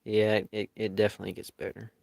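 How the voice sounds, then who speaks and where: A man's voice: on the low side, monotone, fast talker, vocal fry, darkish tone, no echo. A man chatting casually with his viewers as he draws live, in an easygoing, rambling way. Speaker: live-stream artist. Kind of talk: casual chat while drawing.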